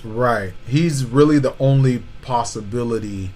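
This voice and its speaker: This podcast co-host debates basketball casually, leaning on slang and repeating "you know what I'm saying." His mid-range voice is a little mellow and measured in pace, though the audio is poor.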